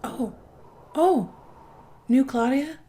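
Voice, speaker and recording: A woman's voice: high voice, animated, very slow, warm tone. A young woman hosting a reaction video, talking in a chatty, gushing way and swearing casually. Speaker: reaction channel host.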